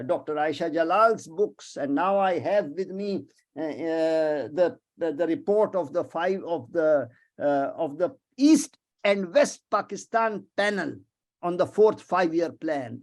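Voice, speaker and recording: A man giving a webinar lecture as a visiting professor, emphatic, animated and prone to digressions, over a video call. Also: a little high.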